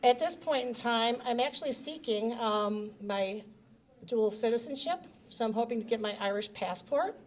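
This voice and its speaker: A woman's voice: on the high side, normal speed. Woman telling stories at a reception. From United States. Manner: warm storytelling with laughs and fillers, gets emotional. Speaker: honoree giving a speech. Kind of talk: personal speech at a reception.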